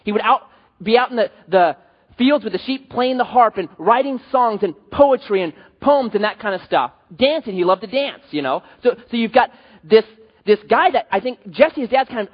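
Male pastor, sermon, animated joking storyteller, husky voice, dull recording in a reverberant church hall. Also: very high-pitched, moderate pace.

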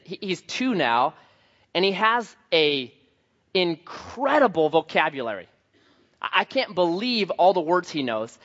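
A man preaching a sermon, opening with a scripture reading and a prayer, then telling a lively story about his young son and acting out the child's voice. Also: in a large hall, dull audio. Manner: animated storyteller, acts out a child's high voice in quotes. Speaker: pastor.

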